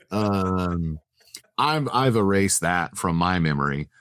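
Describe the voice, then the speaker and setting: A man's voice: low voice, expressive, takes it slowly, fairly bright tone, no room sound. A man hosting a casual sports podcast, giving playful, mock-grand introductions. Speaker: podcast host.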